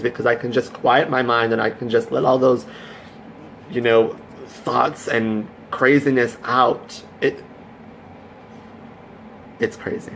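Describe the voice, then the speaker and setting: A man's mid-range, slightly bright voice carries a casual Facebook Live stream where he greets viewers by name, chats effusively and cheers them on. A little hiss or hum runs through the audio.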